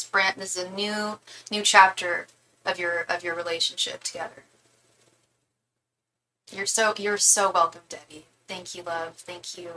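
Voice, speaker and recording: A woman's voice: medium pitch, bright, forceful tone, a little hiss or hum, low-quality recording. A woman giving a live tarot reading, emotional and close to tears, often repeating and restarting her words. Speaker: tarot reader.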